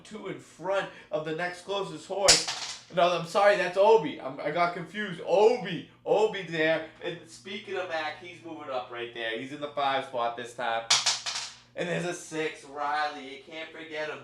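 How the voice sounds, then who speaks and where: A man hosting a live stream, calling a chat horse race with animated play-by-play and banter. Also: on the high side, roomy sound, noisy background. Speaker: stream host.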